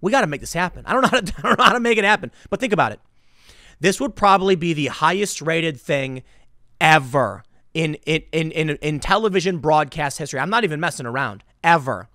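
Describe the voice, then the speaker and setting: Animated, bright-voiced male commentator. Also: fairly high pitch, brisk, no echo, studio quality. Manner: animated, emphatic, repeats words. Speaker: political commentator. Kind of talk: opinionated commentary vlog.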